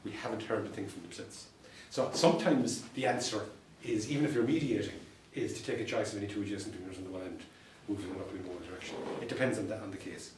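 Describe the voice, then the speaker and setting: An Irish solicitor and mediator giving an anecdotal talk to fellow professionals, telling stories with dry humour and repeated punchlines. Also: male voice, fairly low pitch, quick pace, few pauses, noisy background. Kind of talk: anecdotal presentation to a professional audience. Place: meeting room. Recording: distant mic in an echoey room.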